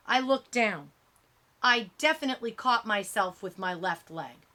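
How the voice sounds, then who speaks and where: A woman narrating a middle-grade novel in first person, with expressive, youthful storytelling. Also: mid-range voice, a little slow. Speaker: audiobook narrator.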